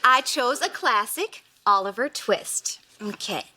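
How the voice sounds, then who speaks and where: A woman's voice: on the high side, lively intonation, takes it slowly, bright, forceful tone, slight background noise, heavily acted. An actress playing a chirpy, overeager woman friend in a sitcom, with a sing-song, eager way of talking. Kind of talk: sitcom acting.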